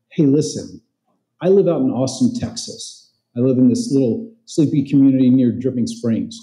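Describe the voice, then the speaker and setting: Dark-voiced man working a conference crowd. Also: medium pitch. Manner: conversational, quizzes the crowd, tells stories. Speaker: conference speaker and real estate trainer. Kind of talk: motivational talk to a live audience. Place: large event hall. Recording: roomy echo of an event hall.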